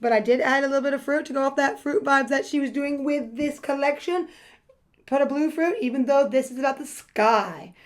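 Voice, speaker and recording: A rather high-voiced woman talks through her nail painting in a loose, rambling way. She gets excitable and sing-song, and her voice crackles a little. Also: brisk. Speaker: nail art vlogger. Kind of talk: casual voice-over while painting nails.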